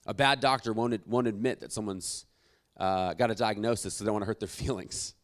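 A man preaching a sermon as pastor, swinging between loud emphatic lines and quiet asides. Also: on the low side, fairly even intonation, fairly quick.

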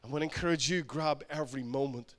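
A male pastor preaching a sermon, emphatic and repetitive, building to loud exhortation. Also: medium pitch, quick pace.

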